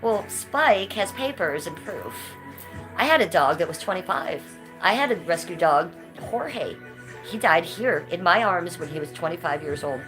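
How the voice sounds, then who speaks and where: Woman streamer, lowish voice, blunt, foul-mouthed, music underneath. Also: animated, moderate pace, low-quality recording. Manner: blunt, combative, swears freely. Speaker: livestreamer. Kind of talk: casual livestream chat. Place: indoors at home, high-ceilinged room.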